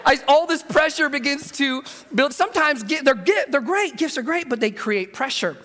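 A man's voice: very high-pitched, expressive, moderate pace, sharp tone. A man preaching a sermon as pastor, telling humorous stories energetically and leading the congregation in call-and-response. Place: church auditorium. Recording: long hall reverb.

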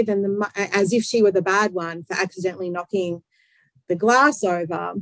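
A woman explaining psychology in conversation, talking fast and acting out little quotes. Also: mid-range voice, fairly even intonation, no echo, poor audio.

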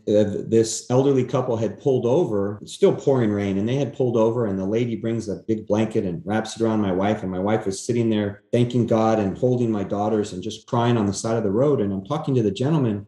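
A man's voice: mid-range voice, brisk, few pauses, dark tone. A middle-aged man sharing a personal faith story as an interview guest, earnestly narrating and acting out quoted dialogue. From Southern California. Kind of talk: personal testimony in conversation. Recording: echoey room.

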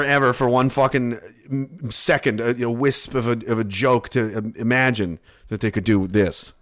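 A man with a medium-pitched, slightly bright voice hosts a livestream, delivering a profane comedic rant. He's sarcastic, swears freely, mocks things with jokes, and riffs into silly voices.

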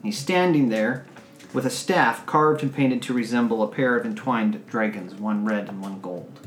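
A man narrating a tabletop game as game master in a relaxed, descriptive way. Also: mid-range voice, moderate pace. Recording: roomy echo with faint music.

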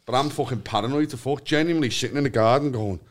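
A man's voice: mid-range voice, fast. A man, a guest on a casual podcast chat, telling stories full of swearing and often laughing through his own words.

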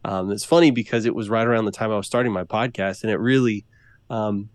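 A man's voice: fairly low pitch, quick pace, smooth, no room sound. A man guesting on a podcast, speaking in casual conversation and searching thoughtfully for his words.

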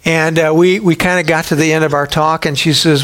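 A male pastor delivering a sermon with a slightly raised pitch. He presses his points with repeated rhetorical questions and an emphatic, urging delivery. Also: fairly even intonation, fairly quick, hardly any pauses, a bit bright.

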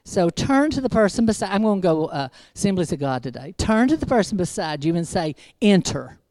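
A woman's voice: lowish voice, very animated, brisk, a little mellow, no room sound. A woman preacher giving a conversational sermon, chatty and humorous, with wry asides to the congregation.

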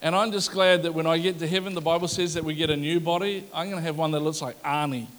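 Male pastor, sermon delivery, casual and humorous, higher-pitched, big church reverb. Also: steady tone, fast, a bit bright. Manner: conversational, joking, asks the audience questions.

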